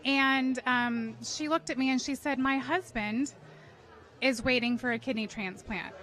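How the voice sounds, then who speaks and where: Bright-voiced woman telling a heartfelt story. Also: high voice, fairly even intonation, a little slow, low-quality recording. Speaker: public relations guest. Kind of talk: red carpet interview.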